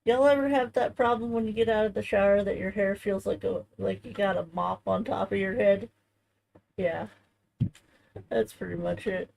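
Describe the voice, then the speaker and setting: A woman streamer chatting casually and rambling softly while she plays a game. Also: mid-range voice, moderate pace, gravelly, a little hiss or hum, low-quality recording. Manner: rambling and soft-spoken, full of fillers.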